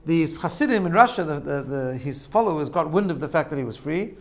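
A man's voice: fairly high pitch, animated, brisk. Storytelling man teaching a class. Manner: storytelling, checks in with "right?", laughs at own jokes. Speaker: religious teacher. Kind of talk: informal sermon.

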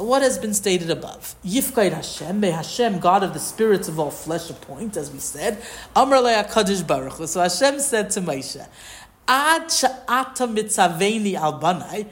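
A woman teaching a Torah class to a group, reading verses and translating them line by line in a conversational way. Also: mid-range voice. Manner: conversational, explains with questions.

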